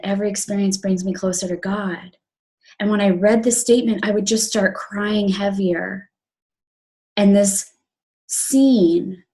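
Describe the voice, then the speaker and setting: A woman's voice: medium pitch, a little mellow. A young adult woman telling an emotional personal story in an earnest, confiding way, with many fillers and restarts.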